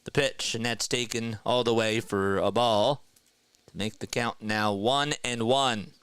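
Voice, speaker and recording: A young man calling a live baseball game play by play for his stream and chatting with viewers between pitches. He jumps up in pitch and volume on big plays and drops low and calm when reading comments. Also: unhurried, clean tone, dry recording. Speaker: play-by-play host of an online stream.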